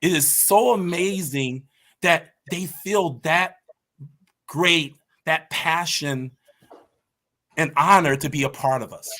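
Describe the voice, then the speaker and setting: Podcast guest, male, slightly high-pitched, passionate and emphatic in conversational storytelling. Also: slow pace, pushed and bright. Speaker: podcast guest, martial arts team leader.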